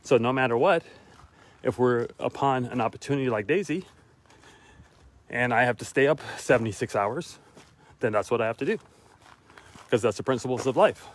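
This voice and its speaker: Tired, winded man on a walk. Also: mid-range voice. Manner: repeats key lines for emphasis, with pauses. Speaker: motivational vlogger. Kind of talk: casual motivational talk while walking. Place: outdoors on a walk.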